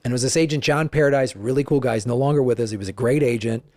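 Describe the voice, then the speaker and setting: A middle-aged man, a guest comedian, telling stories in conversation, animated and profane, acting out the dialogue. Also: medium pitch, very fast, no room sound, studio quality. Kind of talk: conversational storytelling.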